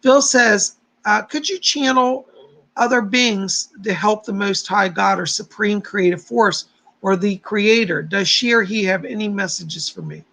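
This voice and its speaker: A man's voice: high voice, unhurried, creaky, pushed and bright, poor audio. A man hosting a psychic livestream who chats casually with viewers, greets them by name, leads a guided meditation and gives readings.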